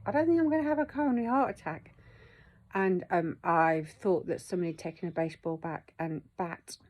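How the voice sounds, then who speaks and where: A woman's voice: sits low, warm tone. A middle-aged woman, telling a personal story in a candid, emotional vlog and swearing freely. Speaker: vlogger.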